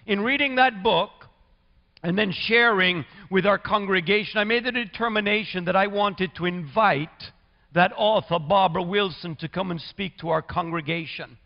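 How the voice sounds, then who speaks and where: A man's voice: sits high, moderate pace. A male pastor from Canada introducing a guest speaker to his congregation in a formal pulpit manner, calling for amens. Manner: warm formal pulpit introduction with amen calls. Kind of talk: sermon introduction. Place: church sanctuary. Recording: dull reverberant church recording.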